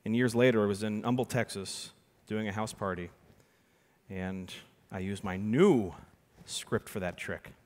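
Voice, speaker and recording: A young adult man giving a conference keynote, telling a story with sudden loud and soft turns on a stage microphone. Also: lowish voice, a little slow. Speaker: keynote speaker. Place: large conference hall. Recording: long hall reverb.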